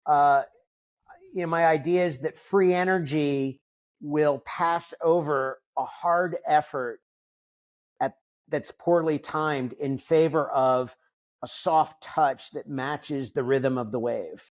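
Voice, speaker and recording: A man's voice: a little high, takes it slowly. A man in his fifties, a podcast guest, talking reflectively in a casual interview, with frequent fillers and restarts. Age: 50s.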